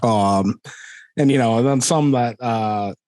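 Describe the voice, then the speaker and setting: A young Scottish man with a mid-pitched voice chats as an interview guest, easygoing and loose. He hesitates often and fills gaps with "um" and "like". The sound is dry and close. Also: slow pace, a little mellow, no room sound. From Scotland. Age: young adult. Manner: easygoing, hesitant, many fillers and restarts. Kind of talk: casual interview chat.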